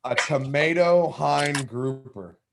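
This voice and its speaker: Gravelly-voiced male fishing show host. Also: on the high side, slow, very noisy. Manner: eager interjections, reads viewer comments. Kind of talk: casual live interview.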